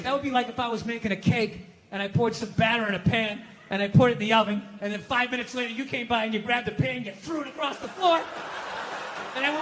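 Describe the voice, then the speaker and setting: High, bright-voiced ranting stand-up man. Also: fairly even intonation, normal speed, slight background noise. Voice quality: profane, ranting, often yelling punchlines. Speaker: stand-up comedian. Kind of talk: stand-up comedy set. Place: stage before a live audience.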